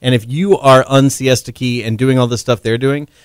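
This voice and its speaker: A man in a casual podcast chat, explaining points in a relaxed way. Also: mid-range voice, moderate pace, clean tone, no echo. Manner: relaxed, explanatory, quotes others.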